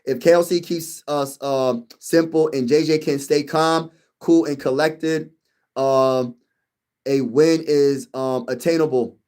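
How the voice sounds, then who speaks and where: A young man with a noticeably high voice hosts a casual sports livestream. He talks to his chat with hyped, trash-talking fan energy, riding the highs as he banters. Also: steady tone, slow, a little mellow, clean tone.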